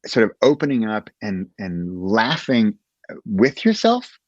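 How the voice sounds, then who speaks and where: A man's voice: lowish voice, sing-song, takes it slowly, no room sound, highs cut off. A man who is a guest on a podcast, talking casually and animatedly about writing, often laughing and acting out little conversations.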